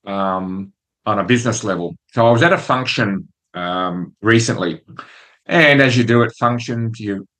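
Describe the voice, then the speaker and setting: A man hosting a whisky show, talking casually with fillers and restarts. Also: fairly low pitch. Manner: chatty, relaxed, with fillers and restarts. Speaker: host.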